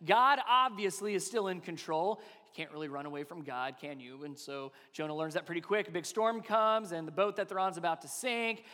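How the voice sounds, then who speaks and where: High-voiced male pastor preaching in a reverberant hall. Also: a little fast, pushed and bright. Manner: conversational preaching with rhetorical questions. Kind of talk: sermon.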